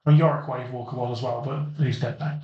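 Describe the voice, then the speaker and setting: A man's voice: medium pitch, fairly even intonation, a little fast. A man in a casual podcast chat who talks in a playful, goading way and explains game lore. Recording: dull, roomy, distant mic.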